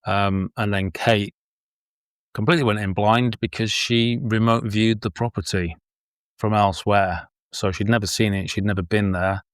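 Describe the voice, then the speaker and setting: A man's voice: on the low side, fairly even intonation, moderate pace, clean tone, no echo, studio quality. A man, a filmmaker and paranormal investigator, chatting as an interview guest, rambling with many ums and repeated words. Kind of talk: casual interview chat.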